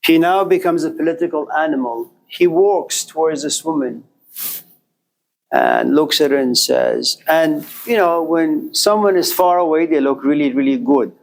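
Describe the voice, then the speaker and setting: A man's voice: on the high side, expressive, normal speed, vocal fry, low-quality recording. A man giving a classroom lecture, asking rhetorical questions and answering them himself, with an occasional chuckle.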